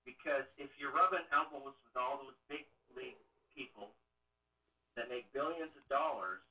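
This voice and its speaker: A man's voice: medium pitch, normal speed, sharp tone, recorded from a distance, low-quality recording. A man calling into a show, defensive and talking over the host. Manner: defensive, interrupting. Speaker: caller. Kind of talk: phone-in call.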